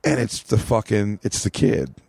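A man's voice: fairly low pitch, lively intonation, normal speed, creaky, a little mellow, slightly rough, no echo. Profane, rambling American man. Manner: rambling, profane, acts out quotes in a raised voice. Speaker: comedian. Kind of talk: casual podcast storytelling.

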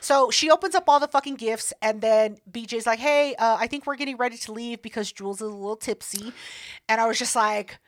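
A woman's voice: fairly high pitch, brisk, no echo. A woman in her thirties hosting a podcast, telling a story in casual chat, swearing a lot and acting out what other people said. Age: 30s. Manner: profane, animated, acts out other people's lines. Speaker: podcast host.

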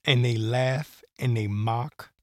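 A man's voice: mid-range voice, steady tone, slow pace, dry recording, clean studio sound. A man hosting a solo podcast, talking in a rambling, heated way with profanity and many fillers. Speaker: podcast host. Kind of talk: solo political commentary.

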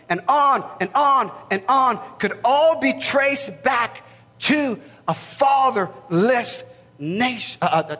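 Brief: man in his forties, pastor, high and bright voice, passionate sermon, big reverberant hall. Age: 40s. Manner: impassioned, rising to shouts, stammering restarts.

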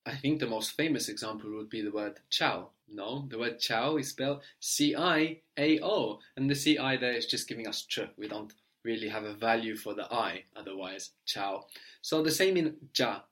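A man teaching a language lesson, explaining patiently step by step and checking understanding with a quick "no?". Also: medium pitch, lively intonation, fairly bright tone.

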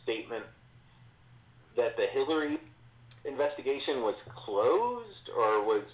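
A man's voice: medium pitch, big pitch swings, unhurried. A man co-hosting a casual political chat podcast, hesitant and restarting his sentences as he explains. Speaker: podcast co-host. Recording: roomy, dull lo-fi sound.

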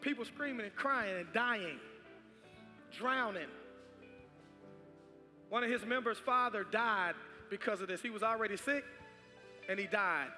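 High-voiced fervent pastor. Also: male voice, sharp tone. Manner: fervent, repetitive exhortation. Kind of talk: sermon with offering and prayer. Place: large church sanctuary. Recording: reverberant church hall with music.

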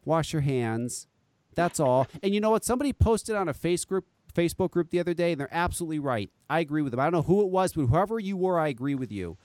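Male podcast host, animated swearing storyteller, higher-pitched, dry close mic. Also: fast talker, no echo. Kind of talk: casual chat.

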